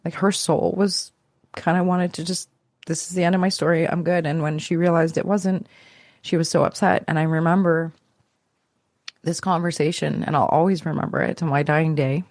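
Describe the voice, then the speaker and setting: A woman's voice: sits low, little pitch movement, normal speed, darkish tone, dry recording, clean studio sound. A woman, a podcast guest, telling a personal story in a reflective, searching way, often restarting and trailing off.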